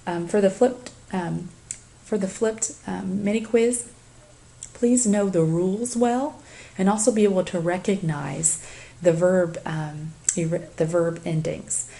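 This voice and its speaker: A woman teacher giving a recorded lecture for a flipped class, slowly reading lists of verb forms and giving assignments. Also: lowish voice, creaky, mellow. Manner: deliberate, reads conjugations aloud in lists. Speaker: Spanish teacher.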